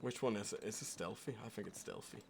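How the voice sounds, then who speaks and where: A man's voice: lowish voice, fast, vocal fry, slight background noise. A man streaming a western roleplay game, chatting casually, laughing often and swearing freely. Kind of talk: casual chat while playing a roleplay game.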